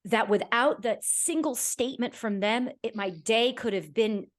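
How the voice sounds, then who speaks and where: A woman's voice: a little high, measured pace. Earnest woman hosting a reflective podcast. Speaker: podcast host. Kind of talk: heartfelt conversational podcast chat.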